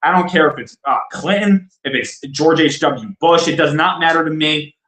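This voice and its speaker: A man's voice: a little high, moderate pace, a bit bright. A man co-hosting a podcast, talking politics in a blunt, emphatic way and often repeating himself. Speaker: podcast co-host. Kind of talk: casual political discussion. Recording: roomy echo.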